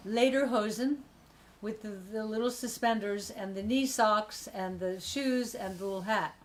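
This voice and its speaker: A woman's voice: medium pitch, moderate pace. A woman hosting a casual live video chat, chatty and teasing, often laughing as she talks. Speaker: host.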